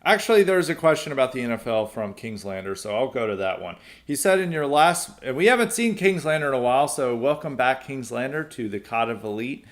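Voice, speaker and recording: A young adult podcast host reads and answers listener mail, rambling with frequent fillers and restarts. His mid-range voice is sing-song and a little fast, with few pauses.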